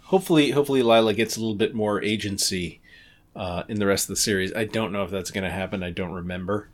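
A man's voice: on the low side, fast. A man in his forties hosting a comics podcast, chatting casually, laughing often and swearing now and then. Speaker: podcast host. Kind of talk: casual chat.

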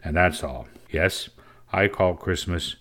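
Brief: deep-voiced man voicing a grumbling, world-weary boy in a storybook reading, low and sulky. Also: takes it slowly, fairly bright tone, heavily acted. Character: bored sulky teenage boy grumbling about Christmas.

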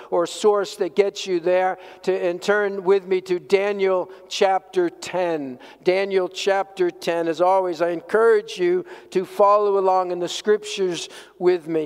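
A man's voice: high voice, darkish tone, smooth. A male pastor giving an earnest sermon, telling a story and asking rhetorical questions. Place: church sanctuary. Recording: long reverb of a church hall.

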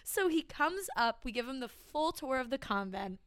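A woman's voice: high-pitched, animated, normal speed, no echo. A young woman co-hosting a casual podcast, telling a story with many fillers of "like" and bursts of laughter. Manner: chatty, fillers of "like", laughs between lines. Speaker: podcast co-host.

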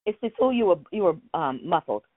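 A woman's voice: fairly low pitch, very animated, quick pace, no echo. A woman hosting a call-in prayer line in a casual, playful way, laughing often and now and then breaking into song. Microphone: phone. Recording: phone line, dry.

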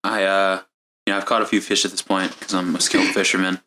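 A man's voice: low voice, flat delivery, fast, bright, forceful tone, slight background noise. A young man playing a tabletop game, casual, often saying "you know".

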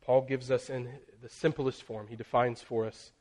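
A man preaching a sermon, building in intensity through emphatic lists and dropping to a near hush on key phrases. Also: mid-range voice, little pitch movement. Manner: slows and drops very soft on key phrases.

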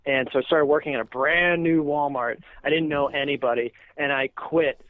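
Animated, profane man on a muffled podcast. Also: on the high side, normal speed, no echo. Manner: animated, profane, laughs often at his own stories. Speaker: stand-up comedian guest. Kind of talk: casual podcast storytelling.

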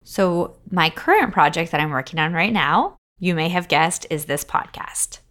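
A woman hosting her own solo podcast, talking in an upbeat, chatty way and running through lists, openly emotional and quick to laugh. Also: on the low side, lively intonation, a bit bright. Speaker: podcast host.

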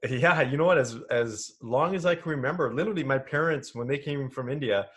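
A man from Canada who coaches men in business, speaking as a podcast guest in a relaxed, conversational way. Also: medium pitch, fairly quick. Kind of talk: podcast interview.

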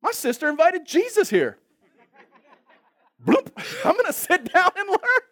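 A breezy, delighted young woman, as a male preacher puts her on, with an airy and chirpy manner. Her voice rides very high and leaps about. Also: sing-song, measured pace, bright, forceful tone, dry recording, exaggerated voice. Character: carefree, cheerful young woman, sweetly delighted.

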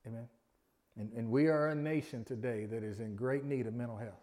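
A man's voice: medium pitch, a little fast, dark tone. A middle-aged man preaching a sermon in a folksy, conversational way, drawing responses from the congregation. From Alabama, US. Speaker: pastor.

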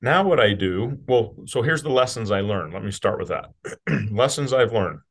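A man's voice: on the low side, animated, moderate pace, husky. A middle-aged man from rural Utah, a company CEO talking candidly as a podcast guest, blunt and casual, with the odd swear word. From rural Utah, USA. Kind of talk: candid conversational interview.

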